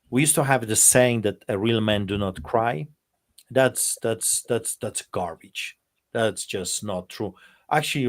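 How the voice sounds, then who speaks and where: Man telling an emotional personal testimony. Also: mid-range voice. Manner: emotional storytelling, speaking to his son. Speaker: pastor.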